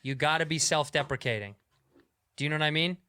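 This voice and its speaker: A man's voice: fairly high pitch, bright, forceful tone, smooth. A man co-hosting a podcast, making his case with examples in casual conversation. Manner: quick interjections, argues with examples. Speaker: podcast host.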